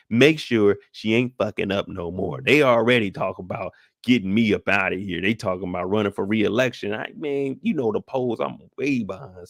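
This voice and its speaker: A man voicing an irritated precinct captain, middle-aged, gravelly, cursing, barking orders, bossy, dry close sound. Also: lowish voice, dry recording. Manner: profane, bossy rant at his detectives.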